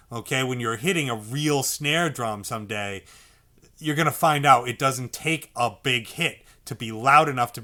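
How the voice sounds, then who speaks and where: A man's voice: medium pitch, sharp tone. A man teaching a percussion lesson, patiently explaining a drum pattern and often checking in with "okay?". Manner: patient, repeats "okay?" often, speaks drum syllables aloud. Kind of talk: instructional lesson.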